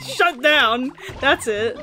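High-pitched teasing woman gaming. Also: animated, slow, pushed and bright. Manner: teasing, playful, giggly. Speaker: let's play co-host. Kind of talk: casual gaming chat.

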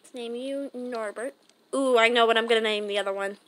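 A woman's voice: on the high side, fairly quick. A woman casually talking through a game as she plays, rambling and chatting to herself. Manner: chatty, rambling self-talk. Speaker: gaming channel host. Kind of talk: casual gameplay commentary. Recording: loud background noise.

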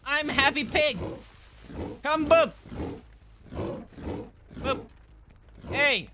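A man's voice: very high-pitched, extremely slow, noisy background, voice pushed up, heavily acted. A man voicing a cheerful, friendly pig in a game, coaxing in a sing-song way.

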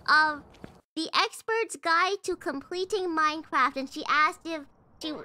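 A woman's voice: high voice, a little slow, pushed and bright. A woman streamer chatting playfully and teasing a friend while they play a game together. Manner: teasing, playful, laughs often. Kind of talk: casual chat while gaming.

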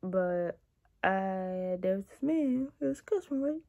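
A young woman telling a workplace story in a casual, animated, sassy way. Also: mid-range voice, a little slow, highs cut off. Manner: animated, sassy, petty venting with dramatic emphasis. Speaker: vlogger telling work stories.

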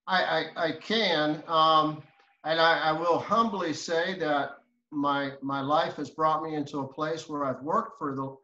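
A middle-aged man explaining Biblical Greek as a guest in a casual discussion, halting and hesitant, often repeating words. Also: on the high side, steady tone, bright, forceful tone, roomy sound, highs cut off.

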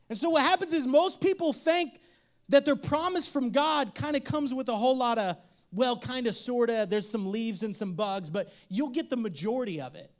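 A young adult man preaching a lively, playful sermon to a congregation, acting out voices as he tells stories. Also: very high-pitched, normal speed. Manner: animated, playful, acts out child and God voices. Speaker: pastor. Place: church in front of a congregation.

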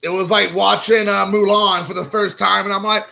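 A man in his thirties hosting a casual stream while opening trading card packs, excitable and rambling, calling people dude. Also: sits high, moderate pace, creaky, hardly any pauses, poor audio. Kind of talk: casual live-stream chat.

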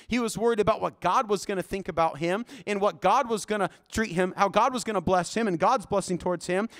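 A male pastor preaching a sermon in a church, telling Bible stories in an animated, folksy way. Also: sits high.

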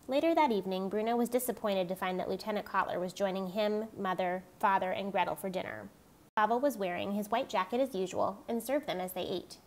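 Woman reading a novel aloud. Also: medium pitch. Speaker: reader. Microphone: tablet mic.

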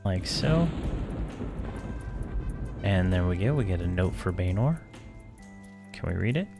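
A man's voice: sits low, animated, a little slow, gravelly, over music. A man casually talking through a video game quest, with lots of hesitations. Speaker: gamer commentator. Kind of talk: game playthrough commentary.

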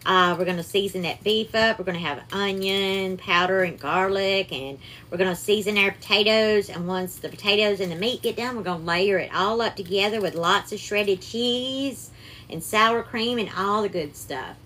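A woman's voice: mid-range voice, moderate pace, sharp tone, slight background noise. A woman with a Southern US accent hosts a casual live cooking stream, chatting and greeting viewers by name with sweetheart and darling. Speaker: cooking livestream host.

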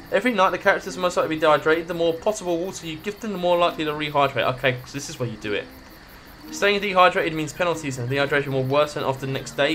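A man's voice: fairly high pitch, fairly bright tone. A man doing casual gameplay commentary, swearing freely and reading the game's text aloud. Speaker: gaming video creator.

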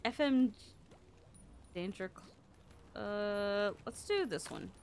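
A woman giving casual gameplay commentary, excitable, yelping and squealing when hit. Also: mid-range voice, slow pace, slight background noise. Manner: excitable, yelps and squeals at hits. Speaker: gaming video creator.

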